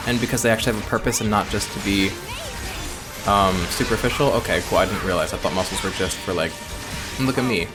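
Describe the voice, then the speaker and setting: An American man giving rambling, joking commentary over gameplay. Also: medium pitch. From United States. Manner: rambling, joking asides and self-mocking chatter. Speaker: let's play host.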